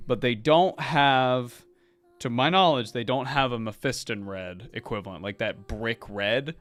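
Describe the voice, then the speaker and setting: A man's voice: mid-range voice, fairly bright tone, smooth. A man streaming his miniature painting, chatting casually and rambling about paints with a loose, sweary way of talking. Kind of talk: casual hobby chat while painting.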